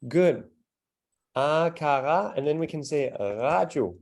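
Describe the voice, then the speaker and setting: A man's voice: medium pitch, moderate pace, warm tone, a little hiss or hum. A man teaching a live language class, patiently demonstrating sounds and encouraging students.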